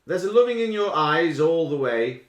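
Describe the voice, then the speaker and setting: A man hosting a casual live quiz from home, reading song lyrics aloud in a playful, drawn-out way. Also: on the high side, lively intonation, reverberant. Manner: playful, reads lyrics with exaggerated drawn-out delivery. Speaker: quiz host.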